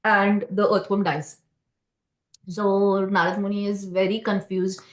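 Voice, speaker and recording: A woman giving a scripture class at a temple. She tells stories conversationally, halting with many fillers and restarts and often asking "right?" to the listeners. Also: medium pitch, little pitch movement, reverberant. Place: temple hall.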